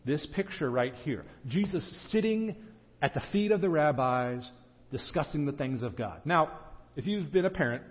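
Male pastor, fairly high voice, chatty sermon delivery with joking asides; dull lo-fi church recording. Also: expressive. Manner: conversational, with joking asides and quick restarts. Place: church sanctuary. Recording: dull lo-fi sound with a long hall reverb.

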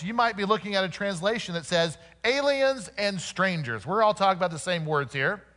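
A man from Oklahoma with a high voice preaches a sermon. He slows down to read scripture and keeps turning to the congregation with rhetorical questions. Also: sing-song, bright, forceful tone.

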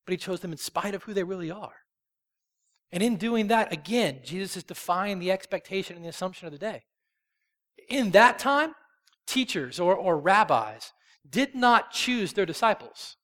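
High-voiced man preaching in a reverberant hall. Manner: emphatic, swells loud on key phrases then drops soft. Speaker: pastor. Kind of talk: sermon. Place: church sanctuary.

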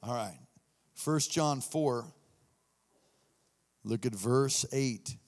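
A man preaching a sermon as pastor, animated, swinging between low murmurs and shouts. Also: drawn-out words. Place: church hall. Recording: long hall reverb.

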